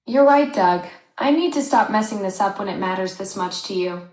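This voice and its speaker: A woman's voice as an AI companion, giving smooth, agreeable, apologetic conversational replies. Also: mid-range voice, animated, moderate pace, darkish tone, echoey room, poor audio.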